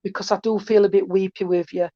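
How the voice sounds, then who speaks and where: Warm-hearted woman medium, chatty, heard over a muffled, dry line. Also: medium pitch, flat delivery, quick pace, dry recording. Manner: chatty, affectionate, calls people sweetheart. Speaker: spiritualist medium. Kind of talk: online mediumship reading. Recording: dull, dry call audio.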